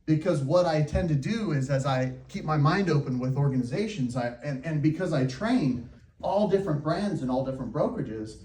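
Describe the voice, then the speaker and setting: A man, a real estate coach, telling a story to a live audience with laughs and lively asides. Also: on the high side, brisk, reverberant, recorded from a distance. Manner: animated, laughing, talks to the crowd.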